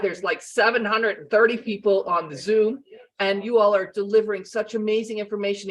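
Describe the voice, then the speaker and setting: A woman's voice: mid-range voice, low-quality recording. A woman hosting an online conference over a video call, enthusiastically thanking and introducing speakers. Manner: enthusiastic, warm praise. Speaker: conference host.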